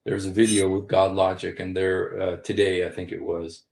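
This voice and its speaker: A man's voice: low voice, flat delivery, normal speed, vocal fry, darkish tone. A man in his sixties giving casual livestream commentary, rambling, repeating key phrases and speaking straight to his viewers. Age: 60s. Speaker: live streamer. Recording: roomy echo.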